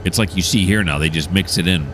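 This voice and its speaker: A man with a low, deep voice talks casually over his gameplay and walks the listener through each move. He sounds keen and chatty, and faint engine and game ambience hums behind him. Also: fast talker, a bit bright, slight background noise. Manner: enthusiastic, explains each step as he plays. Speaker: gameplay streamer.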